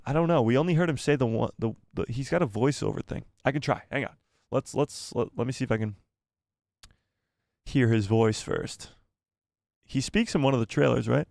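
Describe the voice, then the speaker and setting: A man's voice: medium pitch, vocal fry, a little mellow, no echo, clean studio sound. A man hosting a live fan stream, chatting casually in a rambling, self-deprecating, joking way. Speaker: host of a live fan show.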